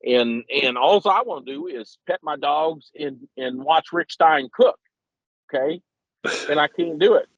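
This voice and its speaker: A man's voice: on the high side, measured pace, dry recording. A man, telling a long rambling, self-deprecating story while calling in to a podcast. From Missouri, USA. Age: 50s. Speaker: regular podcast guest. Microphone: phone call. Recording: muffled lo-fi call-in audio.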